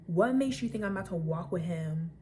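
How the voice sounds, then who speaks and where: A young woman vlogger telling a story casually, animated and rambling with lots of fillers and swearing. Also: lowish voice, brisk, slight background noise.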